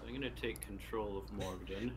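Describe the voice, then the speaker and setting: A man's voice: fairly low pitch, fairly even intonation, moderate pace. A man playing a tabletop game, dry and teasing as he talks to the table. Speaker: player. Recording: clear background noise.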